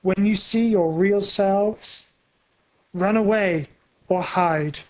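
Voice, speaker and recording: A storyteller voicing a wicked female witch who gives slow, threatening commands in a storybook reading. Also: medium pitch, natural voice, poor audio. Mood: menacing.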